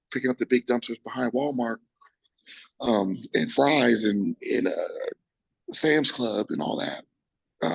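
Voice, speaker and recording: Man, gravelly and husky voice, casual interview storytelling, animated, restarts a lot. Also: medium pitch, rough recording. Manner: animated, acts out quotes, frequent restarts and profanity. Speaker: bodybuilder interviewee.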